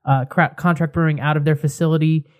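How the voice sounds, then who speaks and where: Excitable rambling podcast host. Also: male voice, a little high, fast. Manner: rambling, excitable, many restarts. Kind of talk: casual chat.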